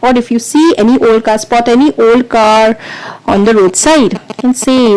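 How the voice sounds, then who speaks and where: A woman's voice: a little high, moderate pace, darkish tone, poor audio. A woman teaching vocabulary as a quiz, explaining patiently and counting down before each answer. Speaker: English teacher.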